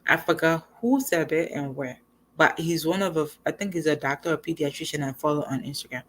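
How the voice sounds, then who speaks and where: Young woman chatting about life advice, slightly low voice, lively and chatty. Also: brisk. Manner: animated, conversational, acts out quoted lines. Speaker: host. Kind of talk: casual motivational talk.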